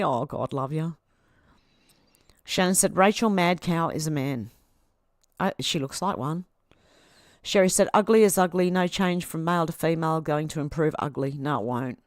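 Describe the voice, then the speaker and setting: Australian woman in her fifties, livestream host, reading comments aloud, lowish voice, dry close sound. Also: moderate pace, pauses often, no echo. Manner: chatty, reads comments aloud and answers them. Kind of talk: casual livestream chat reading viewer comments.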